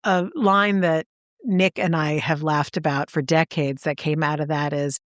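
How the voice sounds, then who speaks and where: A woman co-hosting a podcast, chatting and telling stories with animated impressions. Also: deep voice, a little slow, no echo, clean studio sound. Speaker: podcast co-host. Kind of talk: casual chat.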